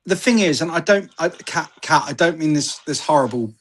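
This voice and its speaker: A British man spins long, rambling stories in an easy chat, piling on restarts and getting worked up as he goes. His voice sits a bit high for a man. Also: normal speed. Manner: rambling animated storyteller. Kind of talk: casual chat.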